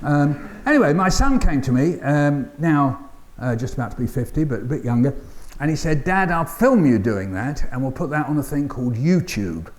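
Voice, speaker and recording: An older man with a London accent, giving a keynote talk as an animated storyteller who acts out voices and sounds with dry humour. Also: a little high, moderate pace. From England. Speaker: keynote speaker. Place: conference hall.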